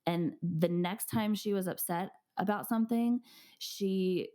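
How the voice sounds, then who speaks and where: Warm-toned young woman telling stories. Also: mid-range voice, unhurried. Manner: animated storytelling, acting out quotes. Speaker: podcast host. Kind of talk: casual chat.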